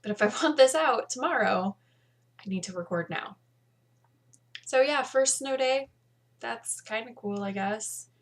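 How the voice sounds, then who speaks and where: A woman, hosting a casual video podcast at home, chatty and tired with bursts of excitement. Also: on the high side, measured pace, pauses often. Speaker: podcast host.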